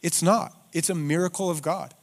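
A pastor preaching a sermon in church, swinging from loud rhetorical questions to hushed, slowed emphasis. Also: male voice, fairly high pitch, fairly even intonation.

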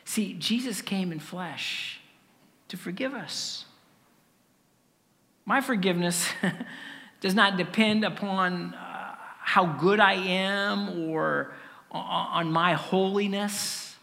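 Slow, gravelly preacher in a big hall. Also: male voice, high voice, pushed and bright. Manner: earnest preaching with rhetorical questions and dramatic pauses. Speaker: pastor. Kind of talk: sermon.

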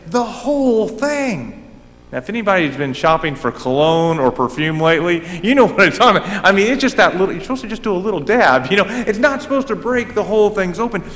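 Male pastor, animated sermon delivery, slightly high voice, long church reverb. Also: quick pace, hardly any pauses. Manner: animated, emphatic preaching with restarts. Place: church sanctuary. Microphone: handheld or stand microphone.

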